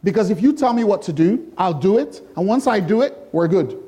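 High-voiced, mellow male preacher. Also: expressive. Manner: repeats rhetorical questions to the congregation; swings between slow emphatic lines and quick bursts. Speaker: pastor. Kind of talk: sermon.

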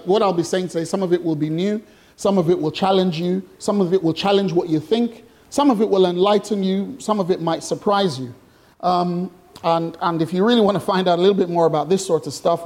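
A man's voice: high-pitched, a little mellow. A man preaching an interactive sermon to a congregation, chatty and jokey, asking questions and teasing the room. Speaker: pastor. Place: church hall with congregation.

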